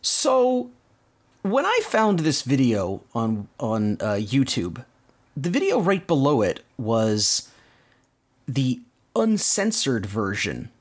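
A man's voice: medium pitch, huge pitch swings, takes it slowly. A man hosting a podcast, casually recounting cartoon plots in detail. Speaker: podcast host. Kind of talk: casual cartoon recap chat.

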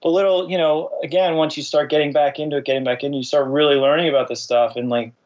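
A man talking in casual podcast chat, hesitant, with quick bursts and fillers. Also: fairly high pitch, fairly even intonation, a little mellow. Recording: slightly muffled lo-fi audio.

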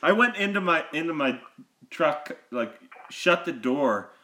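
A man in casual podcast banter, animated and laughing as he tells a story. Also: on the high side, unhurried. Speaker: podcast co-host.

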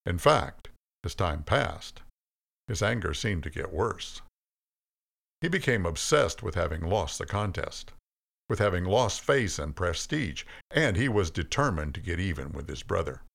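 A man's voice: low voice, gravelly, a bit bright. A man narrating a comic retelling of a Bible story in a wry, storytelling manner.

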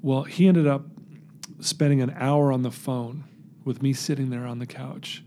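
A man's voice: mid-range voice, steady tone, normal speed, mellow, a little hiss or hum. A man, a podcast guest, telling a personal story in earnest, acting out the dialogue he recounts. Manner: earnest, emotional.

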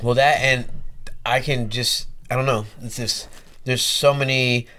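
A man in a relaxed podcast chat who talks in an easygoing way with casual slang. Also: medium pitch, unhurried. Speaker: podcast co-host.

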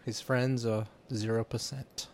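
A man's voice: mid-range voice, flat delivery, measured pace, soft background music. A man co-hosting an interview, easygoing as he asks questions. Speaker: podcast co-host. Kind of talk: casual interview chat.

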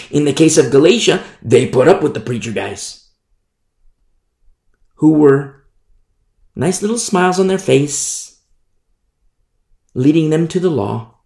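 Gravelly, emphatic preaching man in echoey room. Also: fairly high pitch, lively intonation, unhurried, long pauses, dark tone. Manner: emphatic preaching with repetition, mocking voices of hypocrites. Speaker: pastor. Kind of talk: sermon.

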